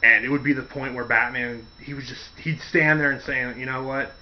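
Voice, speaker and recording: A man's voice: mid-range voice, fairly even intonation, a little fast, muffled recording, slight background noise. Rambling man telling stories. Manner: rambling storyteller acting out quotes. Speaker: podcast host. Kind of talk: casual chat.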